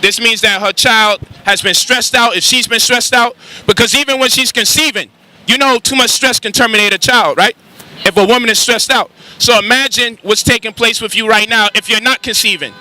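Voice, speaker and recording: Guy lecturing people on the street, crude and animated, lots of questions at the crowd, highish voice. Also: a little fast, rough recording. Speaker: street speaker. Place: outdoors on a city street.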